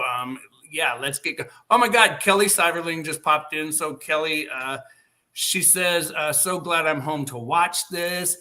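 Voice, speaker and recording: A man hosting a casual live video-call chat, talking in a rambling, animated way with many fillers. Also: fairly high pitch. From Northern California. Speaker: host.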